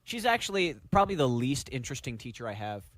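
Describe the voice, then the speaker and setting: A young man on a podcast, casually telling animated stories and mimicking people. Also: fast, no echo. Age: young adult. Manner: animated storyteller, mimics people in high voices. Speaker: podcast co-host, music student. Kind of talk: casual chat.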